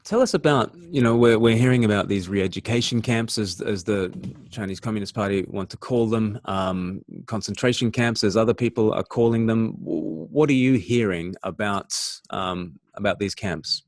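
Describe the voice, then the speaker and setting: Male livestream host, lowish dry voice, asks hesitant, searching questions. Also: normal speed, few pauses, dry recording. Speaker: interviewer host. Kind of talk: livestream interview.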